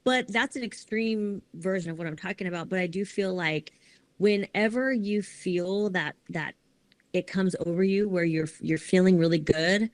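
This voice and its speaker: A woman's voice: fairly low pitch, normal speed, no echo. A middle-aged woman, a fitness competitor and coach, talking earnestly in a casual podcast chat, often asking "right?".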